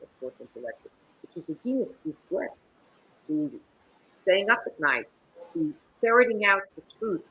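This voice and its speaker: Animated, husky-voiced woman telling stories. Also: fairly low pitch, rough recording. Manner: animated, theatrical storytelling. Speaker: guest actress. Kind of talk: interview conversation. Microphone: video call.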